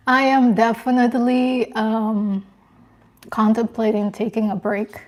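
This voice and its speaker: A young woman's fairly high, level-toned voice carries through a casual live stream as she reads comments aloud; her delivery is soft, emotional and halting, full of restarts.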